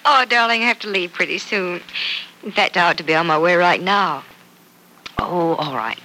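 In 1940s radio-play style, a young adult woman plays a kind bride-to-be patiently reading a fairy tale aloud to a little girl. Her voice is on the low side, pushed and bright, at a moderate pace. The low-quality recording carries slight background noise.

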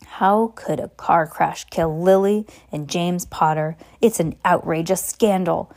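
A woman's voice: fairly low pitch, unhurried, a little mellow. A woman voicing a big, kindly male groundskeeper who talks in a rustic dialect with dropped endings, in an amateur audiobook reading. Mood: indignant.

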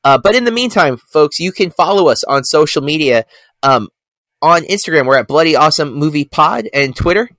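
A man's voice: on the high side, lively intonation, brisk, fairly bright tone, dry recording. A man co-hosting a film podcast, talking casually with many fillers and self-corrections. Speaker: podcast co-host.

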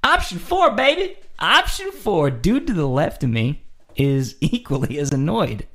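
Animated man telling a comic story. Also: a little high, measured pace. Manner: animated, acts out scenes, repeats phrases for effect. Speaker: podcast host telling a story. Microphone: studio microphone.

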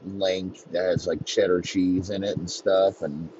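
A man's voice: sits low, level tone, a little slow, a little mellow, muffled recording, a little hiss or hum. A man hosting a podcast, delivering a profane, rambling comedic sports rant. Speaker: podcast host.

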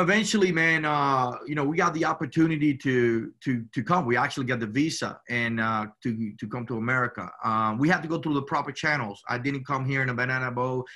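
A man's voice: mid-range voice, moderate pace, sharp tone. A man from Cuba, a guest, telling his family story in a rambling, casual way, often saying "you know" and "man".

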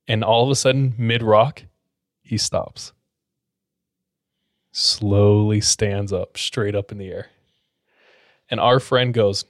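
A man's voice: on the low side, steady tone, unhurried, long pauses, no room sound. A man telling a creepy story to friends in a casual, suspenseful way with plenty of fillers, close to the mic. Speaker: podcast storyteller.

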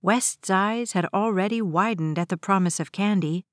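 A woman's voice: medium pitch, normal speed, dry recording, clean studio sound. Woman reading a story aloud. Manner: steady, even storytelling. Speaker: narrator. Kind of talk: audiobook narration.

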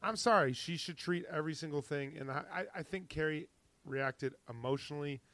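Halting, opinionated man in dry sound. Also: fairly high pitch, fairly bright tone, no room sound. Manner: halting, many fillers and restarts, opinionated. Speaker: podcast co-host. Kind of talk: casual chat recapping a TV show.

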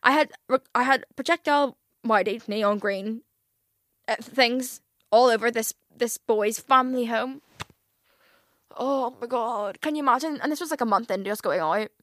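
Slightly high and a bit bright, a young woman's voice moves at a moderate pace through a casual solo podcast, recorded cleanly in a studio with no echo. The host, from Northern Ireland and in her twenties, is chatty, overshares, curses a lot and says "like" constantly.

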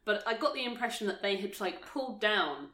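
A woman's voice: mid-range voice, expressive, a little fast, fairly bright tone. A woman in casual podcast chat, chatty and hedging with fillers. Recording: roomy echo.

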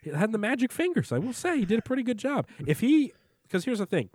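A man's voice: very high voice, sing-song, fast, darkish tone, dry recording. Young guy rambling about a story. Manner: rambling storyteller, laughs while talking. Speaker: podcast co-host. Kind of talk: casual chat.

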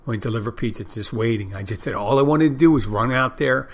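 A man's voice: mid-range voice, quick pace. Guy rambling on his podcast, blunt, swears a lot, keeps restarting sentences. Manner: restarts and repeats himself. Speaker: podcast host. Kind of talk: casual rambling monologue.

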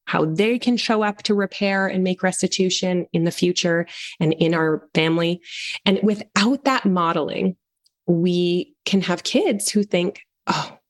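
A middle-aged woman, a parent coach, talking earnestly in a podcast interview and acting out little quoted voices. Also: mid-range voice.

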